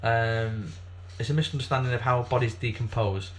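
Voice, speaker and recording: A man's voice: mid-range voice, fairly even intonation, moderate pace. A man co-hosting a casual comedy podcast, rambling through facts with lots of fillers and swearing. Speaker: podcast co-host.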